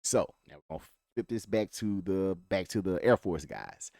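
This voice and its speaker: A man's voice: low voice, expressive, normal speed, vocal fry, dark tone, dry recording, studio quality. A man giving a casual, rambling spoiler recap of a TV episode, swearing freely and talking in laid-back slang. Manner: profane, rambling retelling. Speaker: TV show reviewer.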